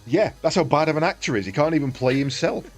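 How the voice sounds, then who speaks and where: A man's voice: fairly high pitch, fast. Streamer guy chatting while he plays, bouncy voice, swears a bunch, faint music behind. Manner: lively, swearing, laughs often. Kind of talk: casual chat while gaming.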